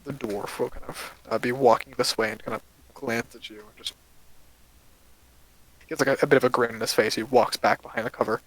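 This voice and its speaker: A man's voice: mid-range voice, steady tone, a little fast, fairly bright tone, low-quality recording. A man narrating as game master of a tabletop game, casual, with many fillers.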